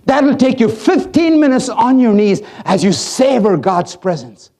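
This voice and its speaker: A male pastor preaching a sermon, swinging from hushed asides to loud acted-out lines. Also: sits high, unhurried. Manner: animated, swings from hushed to loud, acts out voices.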